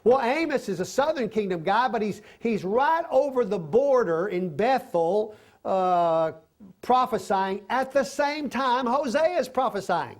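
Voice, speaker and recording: A man's voice: very high voice, expressive, a little slow. A man teaching a Bible lesson to a class in a conversational way, often putting questions to his listeners. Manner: conversational, asks the class questions, acts out quoted voices. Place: classroom with a board.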